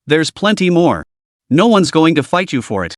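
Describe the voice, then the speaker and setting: A man voicing a gruff, protective special forces instructor who talks bluntly and scolds. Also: a little high, big pitch swings, normal speed, dry recording, studio quality. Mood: soothing.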